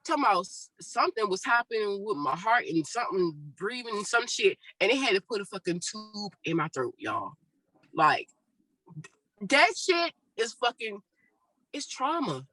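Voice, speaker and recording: Casting note: woman co-host, bright and dry-sounding, animated and profane in casual chat. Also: mid-range voice, normal speed, no room sound, poor audio. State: sore throat after surgery. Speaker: podcast co-host.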